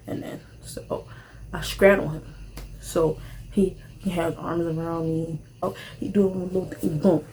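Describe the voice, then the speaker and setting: A woman's voice: a little slow, creaky, slight background noise. Rambling young woman telling a storytime. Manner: animated, rambling, slangy, jumps to high squeals when excited. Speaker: vlogger. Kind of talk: casual storytime while eating.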